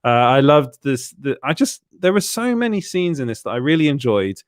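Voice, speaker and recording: A man's voice: mid-range voice, very animated, moderate pace, no echo, studio quality. A man co-hosting a casual panel chat, stumbling and restarting often and laughing between thoughts. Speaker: co-host. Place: home studio on a live stream.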